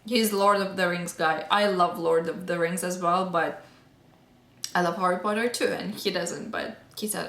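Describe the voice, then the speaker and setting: A woman's voice: mid-range voice, fairly even intonation, normal speed, a bit bright. A young adult woman chatting casually through a book review, gushing and full of fillers like "um" and "like.". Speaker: book vlogger. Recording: echoey room.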